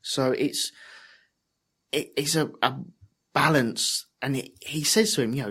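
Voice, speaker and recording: A man co-hosting a casual podcast, discussing a TV episode in a thoughtful, measured way. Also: mid-range voice, a bit bright, husky. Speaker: podcast co-host. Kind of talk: casual chat reviewing a TV episode.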